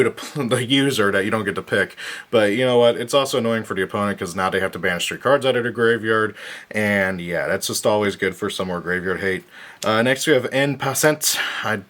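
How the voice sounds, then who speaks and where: A man's voice: on the low side, fairly bright tone. A tired man casually walking through his card game deck, rambling with frequent fillers and self-corrections. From United States. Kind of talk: casual deck profile talk.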